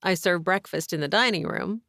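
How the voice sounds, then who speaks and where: A bubbly young innkeeper mom chatters on in a bright, welcoming way, as a woman narrator lifts her voice to play her. The audiobook reading is close and dry, with no room sound. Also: lowish voice, moderate pace, no room sound. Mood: cheerful.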